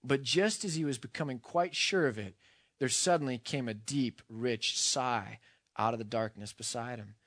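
A man's voice: mid-range voice, moderate pace, fairly bright tone, no room sound, clean studio sound. Earnest man reading a story aloud. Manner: earnest and reflective.

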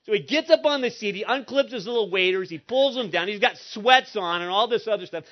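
A man's voice: high voice, lively intonation, a little fast. A middle-aged man preaching a sermon with humorous storytelling. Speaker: pastor. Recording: muffled lo-fi recording.

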